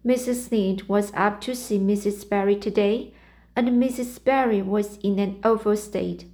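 A woman's voice: medium pitch, fairly even intonation, unhurried, dark tone, lightly acted. A woman voicing a tearful, dramatic young girl as she reads a storybook aloud, stumbling over some words. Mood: woeful. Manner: sobbing out a tale of woe, stumbling over words.

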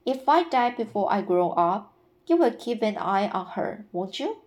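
A woman reading aloud and voicing a lively, curious little boy who asks questions insistently. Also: medium pitch, moderate pace, natural voice. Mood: eager.

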